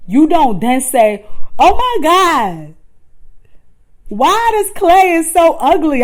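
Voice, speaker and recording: A woman talks straight to her viewers in a casual motivational vlog. Her delivery is playful and animated, and her pitch swoops up and down as she talks. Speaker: vlogger.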